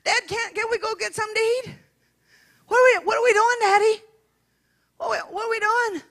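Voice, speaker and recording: A woman voicing an eager little girl who begs her father with quick questions. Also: extremely high pitch, fairly even intonation, a bit bright, voice pushed up. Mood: pleading. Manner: whiny, begging, breathless questions.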